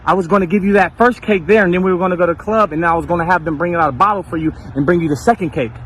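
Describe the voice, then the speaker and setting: A man's voice: high-pitched, very fast, a bit bright, slightly rough. A man in a filmed clip, sarcastically scolding and teasing his partner. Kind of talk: filmed real-life argument clip.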